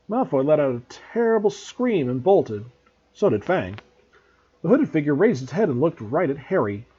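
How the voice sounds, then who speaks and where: A man, a teacher, reading a novel aloud for his students in an expressive storytelling way, on a dull lo-fi recording. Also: fairly high pitch, slightly rough.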